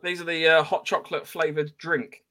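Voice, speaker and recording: A man hosts a relaxed podcast, chatting casually with his co-hosts. His voice sits a little higher than most men's. He keeps a laid-back, friendly pace while reading out listener messages. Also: normal speed. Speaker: podcast host.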